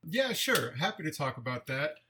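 Casting: Bay Area man, interview guest, bright clear voice, reflective, halting delivery. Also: a little high, big pitch swings, a little hiss or hum. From San Francisco Bay Area. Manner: thoughtful, repeats and restarts words. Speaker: guest, writer and TV editor. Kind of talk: casual interview conversation.

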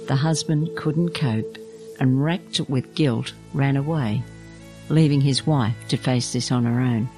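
A woman, an abbess, reading a scripted spiritual reflection in a gentle, measured storytelling manner. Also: a bass voice, faint music behind. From Australia.

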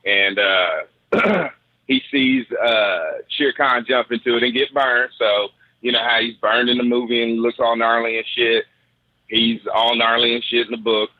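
A man's voice: medium pitch, fairly even intonation, measured pace. A man retells a story in loose, profane slang, chatting casually as a host. His voice sounds tinny, like a phone line. There is no room echo at all.

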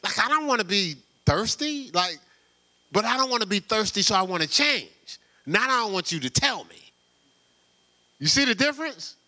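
A man preaching a sermon in a loose, conversational way, full of rhetorical questions and quick laughs. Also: high-pitched, sing-song, bright, forceful tone. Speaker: pastor.

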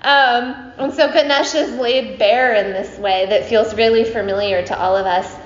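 A woman teacher tells a story to a group, chatty and playful, and often turns to her listeners with asides. Her voice sits a bit high. The recording is roomy and slightly dull, with faint background hiss. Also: fairly even intonation, normal speed. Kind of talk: casual spoken storytelling.

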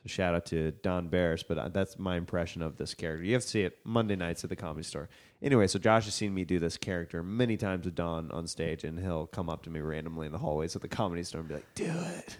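Man, low voice, podcast host, upbeat, laughs easily. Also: fairly even intonation, fast. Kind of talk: casual podcast chat.

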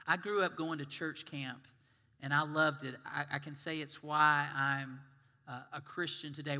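A male minister preaches in a church sanctuary, with a forceful voice pitched slightly high. He talks conversationally and puts questions to the congregation. A long church reverb follows his words. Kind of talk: sermon.

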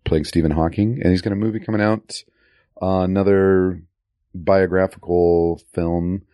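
A man with a very low, deep voice talks films in a loose, rambling way, dropping plenty of "uh"s as he goes. The sound is dry and close, with no room echo at all. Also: fairly even intonation, moderate pace, dark tone. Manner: rambling, many uh fillers. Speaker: podcast co-host. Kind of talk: casual movie chat.

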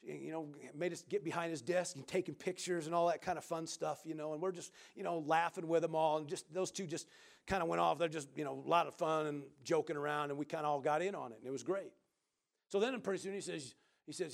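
A middle-aged man, preaching and telling a lively personal story, acting out other people's voices. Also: fairly high pitch, quick pace, creaky. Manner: animated storyteller who acts out quoted voices loudly. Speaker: pastor. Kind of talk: sermon storytelling.

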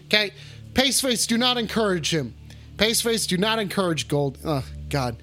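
A man hosting a call-in livestream, swearing a lot and shouting the same catchphrase over and over. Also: high-pitched, very animated, normal speed, soft background music. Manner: rowdy, swearing, repeats his shouted catchphrase. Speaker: call-in stream host. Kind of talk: profane casual livestream banter.

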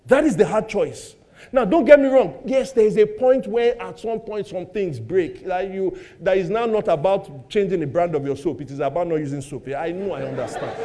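A middle-aged man with a Nigerian accent, a pastor preaching a sermon with animated rhetorical questions and jokes about his own household. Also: high voice.

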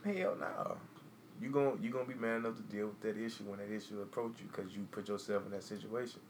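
A man's voice: on the low side, fairly even intonation, quick pace, a little hiss or hum. A man co-hosting a casual podcast, talking bluntly, swearing freely and acting out what he would say. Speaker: podcast co-host. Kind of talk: casual chat.

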